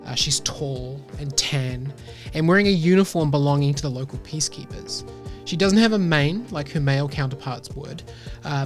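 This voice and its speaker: A woman narrating a tabletop game as game master, descriptive and unhurried. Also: sits low.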